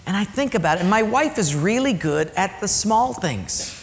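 A man pastor preaching a storytelling sermon, swinging between loud and hushed. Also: sits high, expressive, moderate pace. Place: church. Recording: reverberant hall, faint ambience.

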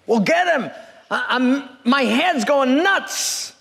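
A frazzled, short-tempered king, as a man puts him on frets and pleads for something to calm him. The voice is high for a man. A long hall reverb lingers. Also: takes it slowly, creaky, heavily acted. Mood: stressed. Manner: fretful, pleading. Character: stressed, irritable ancient male king.

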